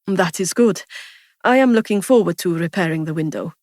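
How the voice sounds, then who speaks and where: A woman's voice: fairly low pitch, expressive, normal speed, darkish tone, dry recording, studio quality, close to an everyday voice. A woman reading a story, voicing a polite, wistful young man who speaks formally without contractions. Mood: soft, wistful.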